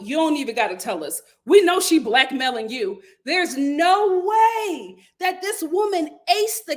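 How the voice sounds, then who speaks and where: A woman hosting a casual reality TV recap vlog, sassy and loudly exasperated. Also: sits high. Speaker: vlog host.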